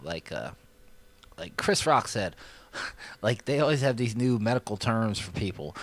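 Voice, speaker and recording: A young man from casually reading and mocking local news stories, swearing a lot and acting out loud voices. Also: lowish voice, animated, unhurried, long pauses, dry recording. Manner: profane, joking, acts out voices loudly.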